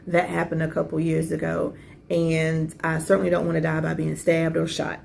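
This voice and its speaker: A woman in her forties hosts a podcast and tells a personal story in casual conversation. Her voice sits low and strongly gravelly, with a dark, mellow tone. She talks with lively asides and keeps asking the listener questions. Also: normal speed, a little hiss or hum. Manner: animated, conversational, with many asides and rhetorical questions. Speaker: podcast host.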